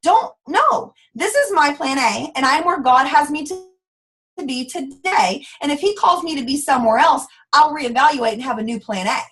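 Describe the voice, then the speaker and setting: High-voiced, fired-up woman. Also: moderate pace. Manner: energetic, preachy, animated. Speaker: network marketing team leader. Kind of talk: motivational training talk.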